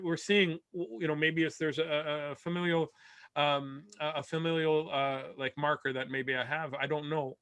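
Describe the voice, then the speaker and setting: Bright-voiced man rambling through a comic story. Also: fairly high pitch, no echo. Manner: rambling, stammering restarts, laughs at own jokes. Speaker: comedian. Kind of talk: storytelling stand-up over video call. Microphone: video call.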